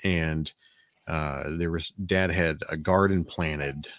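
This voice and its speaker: A man's voice: a bass voice, steady tone, slow pace, fairly bright tone, dry recording, studio quality. A man from the American South with a Southern accent, telling a rambling family story in casual chat, with frequent restarts. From Alabama, US South.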